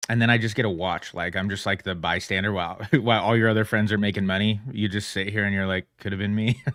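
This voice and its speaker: Rambling low-voiced man on a dry mic. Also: fairly even intonation, fast, fairly bright tone, no room sound. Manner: rambling, self-mocking, laughs often. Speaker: livestream trader. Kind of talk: casual livestream chat.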